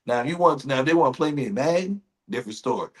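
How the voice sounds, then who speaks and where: A man's voice: medium pitch, racing. A man co-hosting a casual comedic chat, telling stories animatedly and acting out what other people say. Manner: animated storytelling, acts out other people's voices. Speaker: podcast co-host.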